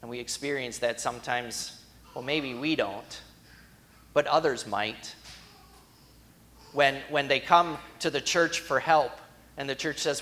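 A man's voice: mid-range voice, measured pace, pauses often, sharp tone. A man preaching a sermon in a conversational storytelling way that builds to emphatic moments.

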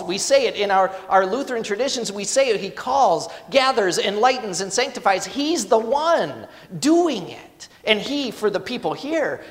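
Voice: mid-range voice, big-room sound. A pastor preaching a sermon in a conversational, emphatic way, asking the congregation rhetorical questions.

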